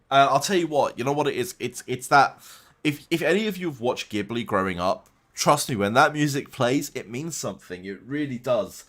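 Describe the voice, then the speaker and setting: A man's voice: mid-range voice, fairly bright tone. A young man chatting casually on a live stream from his room at home, answering viewers' questions with frequent restarts. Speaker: game streamer.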